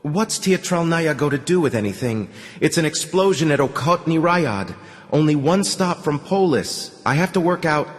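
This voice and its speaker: A man voicing a gruff older male colonel with a rusty, cracked, grating voice who speaks in clipped, impatient orders. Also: a little high, expressive, normal speed, long reverb tail, voice pushed up, close to an everyday voice. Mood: curt.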